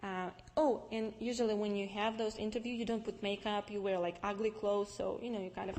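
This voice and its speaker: A young woman with a Russian accent, Russian-speaking by birth, telling her personal faith story to an audience in a lively, storytelling way. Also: medium pitch, fairly quick, hardly any pauses. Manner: lively storytelling with restarts and acted-out dialogue. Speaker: speaker giving testimony. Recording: long reverb from a large hall.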